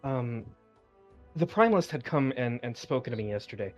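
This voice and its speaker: Dude playing a polite unsure adventurer, tabletop game, faint music under. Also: male voice, mid-range voice, lively intonation, normal speed, highs cut off, close to an everyday voice. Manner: hesitant, polite. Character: polite adventurer Loheim asking a guard for help.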